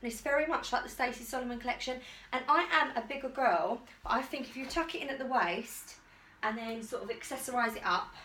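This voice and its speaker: A woman's voice: a little high, fairly quick, sharp tone, slight background noise. A woman vlogging casually at home in a chatty, rambling, enthusiastic way while trying on clothes. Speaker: fashion vlogger. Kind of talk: casual try-on haul chat. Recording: echoey room, distant mic.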